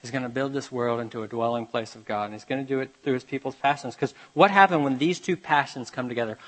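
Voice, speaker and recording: A man preaches a sermon with a mid-range voice that rises to loud urgent calls. He then drops to a quiet, hushed storytelling tone, reading scripture aloud and telling a parable. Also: medium pitch, fast, few pauses, poor audio. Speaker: pastor.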